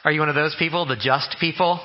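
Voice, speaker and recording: A man's voice: fairly high pitch, steady tone, quick pace, lo-fi sound. A man preaching a humorous, conversational sermon as a pastor, often mimicking the way people pray. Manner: joking, conversational, mimics prayer voices. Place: church sanctuary.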